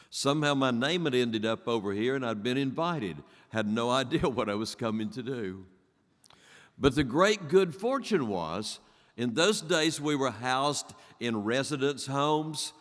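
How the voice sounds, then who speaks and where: A man, a storyteller, sharing a relaxed memory from the stage. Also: mid-range voice. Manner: relaxed, reminiscing, halting. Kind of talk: reflective stage remarks. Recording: reverberant hall.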